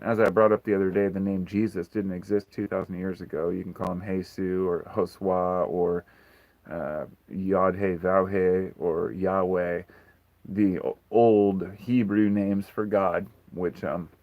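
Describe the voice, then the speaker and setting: A man's voice: low voice, no echo, muffled recording. A man hosting a casual livestream Q&A, talking frankly and rambling, swearing freely. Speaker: livestream host.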